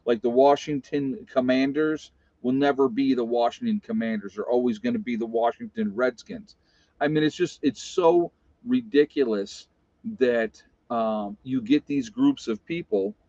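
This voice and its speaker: A man's voice: medium pitch, measured pace, dark tone, no echo. A man from upstate New York, a vlogger talking back to viewer comments in a rambling, exasperated monologue full of fillers and restarts. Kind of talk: casual opinionated monologue. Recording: dull, dry lo-fi sound.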